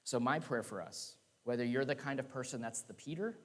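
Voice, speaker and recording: A man's voice: medium pitch, a little fast. A man giving a conversational sermon with laughing asides, recorded in a church sanctuary. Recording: long church reverb.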